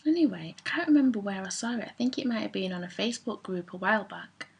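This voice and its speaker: A woman's voice: medium pitch, animated, fast talker, vocal fry, slightly rough. A woman vlogging in a chatty, rambling, self-mocking way about favourite products. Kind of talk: casual chat to camera.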